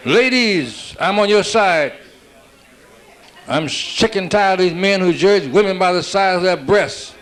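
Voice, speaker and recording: A man's voice: high voice, lively intonation, fairly bright tone. A man firing off stand-up one-liners. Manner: rapid-fire joke telling with "I said, she said" setups. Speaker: stand-up comedian.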